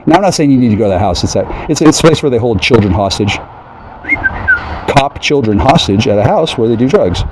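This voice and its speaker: A man in a rambling, profane monologue who keeps breaking into mocking high voices. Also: lively intonation, fairly quick, noisy background.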